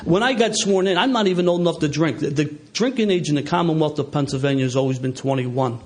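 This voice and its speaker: Philly-accented man at a podium, mid-pitched to high, animated storyteller with laughter in his voice. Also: fast talker. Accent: Philadelphia. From Philadelphia. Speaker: AA speaker. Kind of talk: recovery meeting talk. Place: meeting hall with a live audience.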